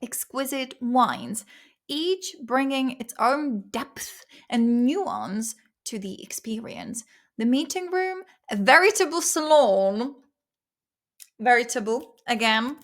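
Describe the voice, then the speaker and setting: A woman's voice: fairly high pitch, lively intonation, slow, fairly bright tone. A woman hosting a casual study-along vlog, playful and rambling, sounding out words over and over. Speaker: vlog host studying vocabulary.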